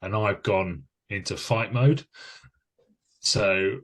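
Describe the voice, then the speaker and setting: A man, co-hosting a podcast and telling an anecdote in a lively, self-mocking way. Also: fairly low pitch, slow. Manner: lively anecdotal storyteller, laughs at himself. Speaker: podcast co-host. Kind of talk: casual chat, storytelling.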